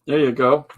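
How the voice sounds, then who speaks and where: A podcast host with a mid-range, fairly bright voice rambles through a loose, casual chat. He jokes around, laughs often, and keeps breaking into impressions.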